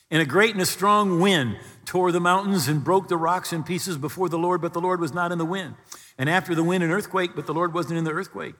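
Husky seventy-year-old preacher in a reverberant hall. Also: male voice, brisk. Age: 70s. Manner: expressive preaching, reading scripture aloud with sudden rises and drops in pitch. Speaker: pastor. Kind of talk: sermon.

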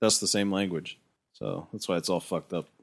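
A man with a lowish voice in casual podcast chat. He is dry and agreeable, often murmuring along in assent. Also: normal speed, a bit bright. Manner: dry, agreeable, frequent backchannels.

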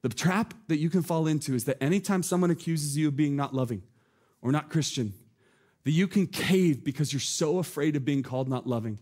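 A man preaching a sermon from a church stage, earnest and building to animated emphasis. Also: a little high, brisk. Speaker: pastor.

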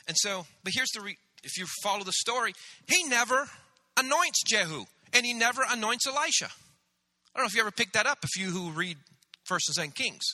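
A man pastor preaching a sermon, animated, acting out the voices of biblical figures. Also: high-pitched, a little fast. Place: church sanctuary. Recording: church hall reverb.

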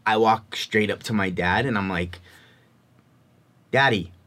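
A man telling a personal story in a talk, in an expressive, animated way. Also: lowish voice, normal speed. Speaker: speaker.

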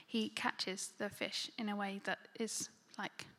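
A woman's voice: medium pitch, little pitch movement, slow pace, fairly bright tone, long reverb tail. A woman preaching a sermon in a conversational, filler-heavy way, often dropping to a near-whisper. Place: church hall.

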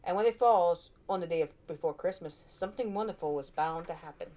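A woman narrating a children's storybook aloud with expressive, animated delivery. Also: fairly low pitch, brisk.

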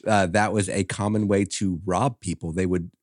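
A man's voice: low voice, fairly even intonation, normal speed, dry recording, studio quality. A man chatting casually with friends, reading out trivia in a laid-back way with lots of filler words and some swearing. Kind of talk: casual chat.

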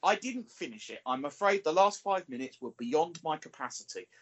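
A man's voice: a little high, animated, normal speed, slightly rough, muffled recording. A man, a regular on a TV review podcast, giving an exasperated, ranting critique in casual chat.

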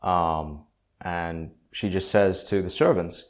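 Low-voiced man hosting a theology podcast. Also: slow. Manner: conversational, opinionated, with frequent fillers and acted quotes. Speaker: podcast host. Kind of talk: solo podcast monologue on theology.

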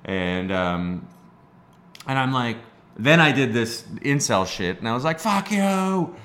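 A man from Canada spins a long, meandering story for his co-hosts. His voice sounds bright and forward, and he keeps breaking into laughter and tripping over his own restarts. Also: on the low side, expressive, measured pace. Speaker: podcast co-host telling a story. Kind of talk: casual storytelling chat.

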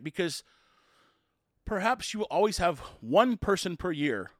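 A dog trainer delivering a forceful monologue, with a high, lively voice that swings widely in pitch. He stresses his points and jumps into little acted quotes. He sounds like someone arguing his case to listeners. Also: dry recording, studio quality. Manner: emphatic, acts out quotes in raised voices. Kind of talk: opinionated monologue.

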